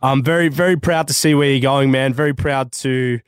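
A man hosting a podcast, chatting casually and warmly calling his guest "bro" and "man". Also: medium pitch, fairly even intonation, normal speed, smooth, no echo, studio quality. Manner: friendly, matey, calls guest "bro" and "man". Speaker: podcast host. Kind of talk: casual interview chat.

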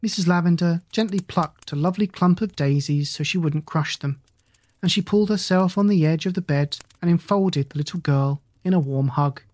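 A narrator reading a children's novel aloud in a measured, even storytelling manner, on a close mic. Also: mid-range voice. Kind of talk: audiobook narration.

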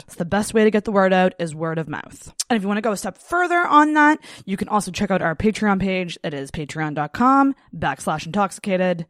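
Bubbly female podcast host with a lively, swooping delivery, recorded dry. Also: medium pitch, no echo. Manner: bubbly, giggly, lively intonation. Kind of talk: casual podcast chat. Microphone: studio mic.

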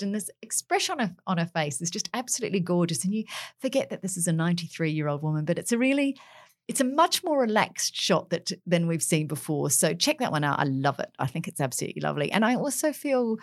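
A woman's voice: mid-range voice, dry recording, clean studio sound. An enthusiastic, chatty woman tells royal anecdotes as a commentator on a radio chat segment. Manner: enthusiastic, chatty storyteller with frequent laughs.

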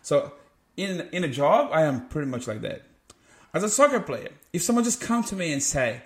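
Brazilian podcast co-host, non-native English, higher male voice, swings his pitch a lot, bursts into loud acted quotes. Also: normal speed. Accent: Brazilian Portuguese. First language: Portuguese. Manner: animated, acts out quotes with sudden loud outbursts. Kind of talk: casual chat.

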